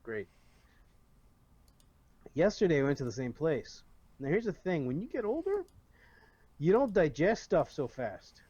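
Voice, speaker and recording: A man, a player in a tabletop game, telling a wry personal anecdote in a casual, deliberate way over a video call. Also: a little high, big pitch swings, dark tone, slightly rough, dull audio. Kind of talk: casual storytelling.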